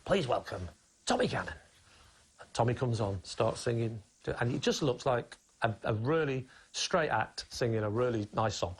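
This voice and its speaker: A man's voice: mid-range voice, normal speed, hardly any pauses, husky. A man enthusiastically recounting a comedy routine in an interview. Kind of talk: documentary interview.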